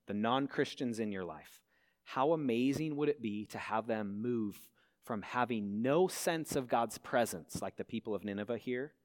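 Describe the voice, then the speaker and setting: Earnest man preaching, lowish voice. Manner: earnest, asks the congregation many questions. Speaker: pastor. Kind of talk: sermon. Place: church hall.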